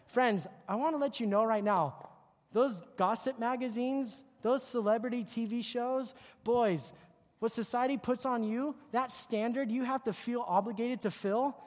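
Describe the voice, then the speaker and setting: Animated youth preacher in a big hall. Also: medium pitch, measured pace. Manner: animated, joking, mocks teen habits. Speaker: youth pastor. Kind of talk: youth sermon with slides. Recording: long hall reverb.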